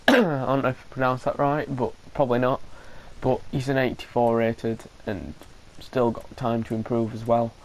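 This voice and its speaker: A man's voice: mid-range voice, little pitch movement, normal speed, a little mellow, a little hiss or hum, low-quality recording. A man, thinking aloud as he commentates his gameplay, hesitant and full of restarts, with an occasional cough. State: coughing now and then. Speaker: gaming commentator.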